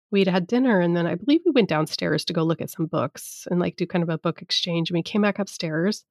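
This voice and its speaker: A woman's voice: fairly low pitch, dry recording, studio quality. A woman hosting a podcast, telling personal stories in a chatty, candid way with casual swearing. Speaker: podcast host. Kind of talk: casual storytelling monologue.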